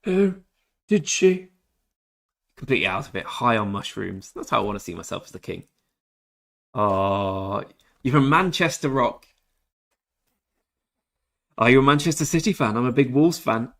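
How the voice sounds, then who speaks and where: A man's voice: medium pitch, moderate pace, creaky, pauses often, fairly bright tone. A laid-back young Englishman streaming a game and chatting with viewers in a jokey, easygoing way. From England. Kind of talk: casual livestream chat with viewers.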